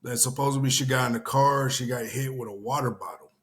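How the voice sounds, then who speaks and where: A man's voice: medium pitch, brisk, fairly bright tone. Casual commentary host: young man from Houston, rambling delivery, loose with curse words. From Houston area. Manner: rambling, swears casually, many fillers. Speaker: show host.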